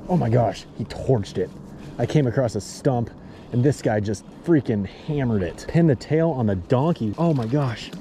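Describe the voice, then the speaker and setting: A man hosting a fishing vlog, talking in an enthusiastic, excitable way outdoors by a snowy stream. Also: mid-range voice, normal speed, a little hiss or hum. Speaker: fishing channel host.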